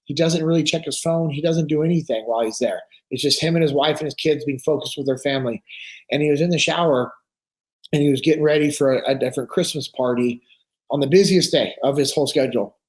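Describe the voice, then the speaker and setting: A man talking on a podcast, telling stories with earnest conviction and acting out the voices of the people in them. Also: on the high side. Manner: animated storyteller acting out quoted dialogue. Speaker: podcast speaker. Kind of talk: casual podcast conversation.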